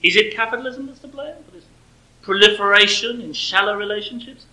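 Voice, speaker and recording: A man giving a prepared sermon-style lecture, measured and emphatic, with pointed sarcasm. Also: sits high, pushed and bright, low-quality recording. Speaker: speaker.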